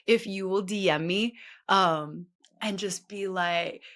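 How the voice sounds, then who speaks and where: A woman's voice: medium pitch, takes it slowly, fairly bright tone. A woman in her late thirties hosting a podcast, talking in a rambling, chatty way full of filler words. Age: late 30s. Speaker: podcast host. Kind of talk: casual chatty monologue.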